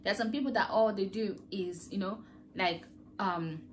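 A woman's voice: medium pitch, moderate pace, a little hiss or hum. A woman host giving an earnest, rambling motivational talk full of rhetorical questions. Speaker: podcast host.

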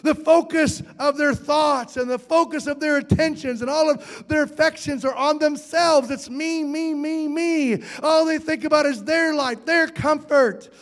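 Pastor, high voice, folksy and playful sermon delivery, long hall reverb. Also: male voice, steady tone, normal speed, few pauses, a bit bright. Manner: folksy, playful, rhetorical questions to the congregation.

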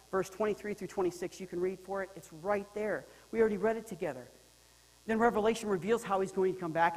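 Man, pastor, lively joking sermon, long hall reverb. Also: high-pitched. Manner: lively, joking, swings from loud to quiet. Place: church sanctuary.

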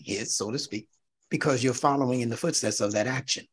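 A middle-aged man teaching a lecture class, animated and teacherly, checking his listeners with "right?" and rising to emphatic peaks. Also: medium pitch, brisk, husky. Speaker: instructor.

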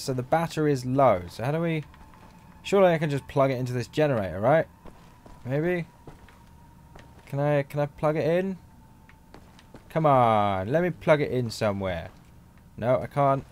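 A man talks through a video game as a channel host. He chats, rambles and jokes as he plays, at a medium pitch. Faint background noise sits under his voice. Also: a little mellow. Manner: chatty, rambling and jokey, laughs often. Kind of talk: let's play commentary.

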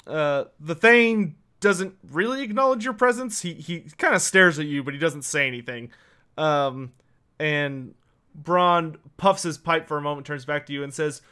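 A man narrating as game master of a tabletop game, halting often with fillers. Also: a little high, sharp tone, clear, resonant tone. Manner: halting, lots of uh.

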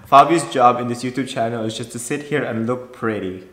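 A man hosting a casual reaction video, excitable and gushing, a wedding photographer by trade. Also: mid-range voice, a little fast. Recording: echoey room with loud music.

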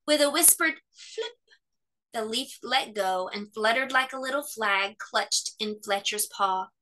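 A woman hosting children's story time, reading a picture book aloud with expressive, animated storytelling. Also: on the high side, a little slow.

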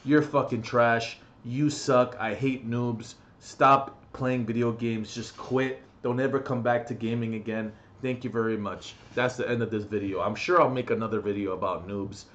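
A man's voice: medium pitch, fairly even intonation, moderate pace, few pauses, fairly bright tone, lo-fi sound. A young man ranting in a gaming vlog, swearing and angry, mocking other players in between. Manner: angry, profane ranting with mocking put-on quotes. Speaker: gaming vlogger.

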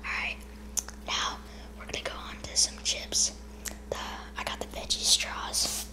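Female ASMR host: soft breathy whisper, casual step-by-step talk. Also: unhurried. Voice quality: unvoiced whisper.

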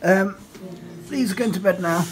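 A man's voice: high voice, normal speed, faint music behind. A man, talking casually to camera about his evening at home and chatting with his children, cheerful and laughing often. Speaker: family vlogger. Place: family home kitchen, indoors. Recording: noisy home recording.

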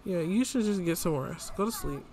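A man's voice: sits high, animated, moderate pace, darkish tone. A man casually commenting on a life-sim game as he plays, chatting to the characters and his viewers. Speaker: gameplay vlogger.

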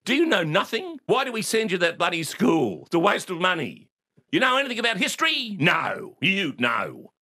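A man with an Australian accent voicing his gruff, explosive old father who shouts at his son. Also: medium pitch, wildly swooping pitch, moderate pace, hardly any pauses, voice pushed up, full character voice. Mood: scornful. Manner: shouting, volcanic outbursts.

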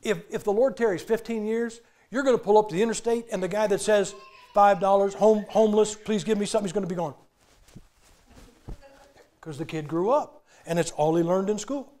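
A man's voice: sits high, fairly quick, mellow. An older man preaching a humorous sermon in a church, folksy and joking as he acts out old movie scenes.

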